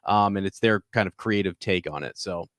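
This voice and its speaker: A man's voice: low-pitched, normal speed, a bit bright, no room sound, clean studio sound. A man co-hosting a live call-in podcast, rambling with many restarts. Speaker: podcast co-host.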